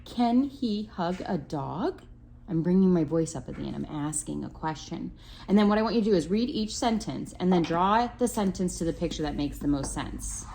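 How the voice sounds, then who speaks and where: A woman's voice: fairly low pitch, a little fast, vocal fry, dark tone. A young woman teaching her child at home, patient and full of praise, now and then talking to the viewers. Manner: encouraging, patient, lots of praise. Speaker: homeschooling mother. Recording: faint background noise.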